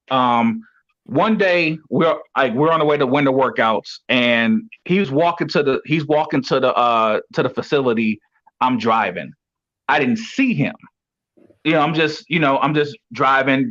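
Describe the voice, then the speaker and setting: A man's voice: medium pitch, moderate pace, fairly bright tone. A man talking as a guest coach who once played pro football, telling stories casually and filling gaps with "you know". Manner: rambling, heavy with "you know" fillers. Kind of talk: casual storytelling. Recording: dull lo-fi audio.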